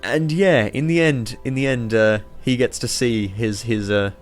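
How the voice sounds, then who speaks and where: A man rambling excitably and swearing freely as he chats casually over a city-building game. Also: medium pitch, a little slow, soft background music. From Australia. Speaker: YouTuber playing a city-builder.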